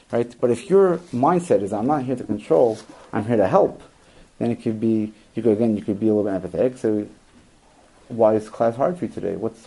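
A man with a notably dark, mellow tone and a lowish voice teaches parents how to handle conflict with children. He talks earnestly, repeating words for emphasis and briefly acting out what parents and kids might say. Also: vocal fry, slightly rough, low-quality recording. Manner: acts out quoted parent and child lines. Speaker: parenting educator. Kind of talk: instructional talk to parents.

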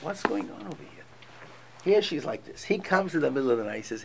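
Brief: man, text study teacher, lively singsong delivery, gravelly edge. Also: on the high side, fast, a little hiss or hum. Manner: animated, emphatic, reads text aloud with feeling.

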